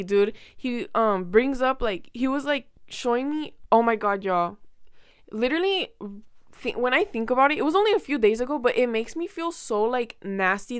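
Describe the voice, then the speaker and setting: A young woman vlogger telling a rambling, animated story in casual chat, full of fillers and quoted back-and-forth. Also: a little high, clear, resonant tone, no echo, studio quality.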